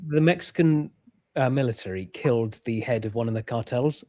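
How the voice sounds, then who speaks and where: A man at a middle pitch explains things earnestly, with fillers here and there. The recording is dry and close. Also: brisk, darkish tone, no echo. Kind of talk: casual chat.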